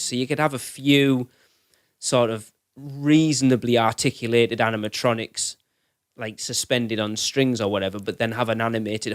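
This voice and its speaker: In a dry, studio-quality recording, a medium-pitched man co-hosts a podcast, chatting casually while he rambles and keeps correcting himself.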